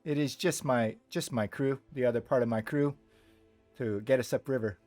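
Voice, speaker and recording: A man's voice: normal speed, a little mellow, no room sound, faint music behind, lightly acted. A man doing a nervy riverboat captain. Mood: tense, urgent. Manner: strained, higher-pitched hearty calls.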